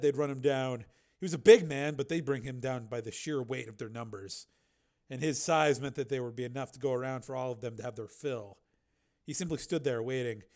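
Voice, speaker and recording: A man reading a science fiction audiobook aloud, steady and even, now and then correcting a slip. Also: mid-range voice. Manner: steady storytelling with occasional slips and self-corrections. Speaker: narrator. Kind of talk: audiobook narration.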